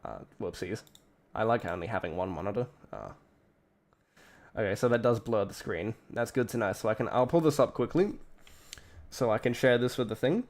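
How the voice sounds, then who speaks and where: A man's voice: on the low side, very animated, moderate pace, pauses often, darkish tone. Australian male streamer, crude rambling commentary, cuts himself off, home setup. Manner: rambling, profane, self-interrupting. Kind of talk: casual live-stream commentary.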